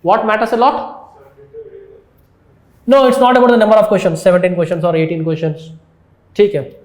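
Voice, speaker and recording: A man with an Indian accent gives an exam lecture in a high voice. He repeats his phrases and keeps asking the students yes or no. The room is echoey. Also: level tone, brisk, darkish tone. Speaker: teacher.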